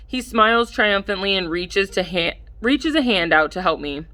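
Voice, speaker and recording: A woman reading a first-person audiobook in a measured way, livening up the dialogue. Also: mid-range voice, animated, sharp tone. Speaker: audiobook narrator.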